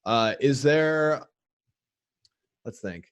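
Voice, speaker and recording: Here the host talks extremely slowly, his mid-range voice smooth, slightly bright, and lively in intonation. He's a chatty storyteller on his podcast who restarts, uses fillers, and mimics the people he talks about.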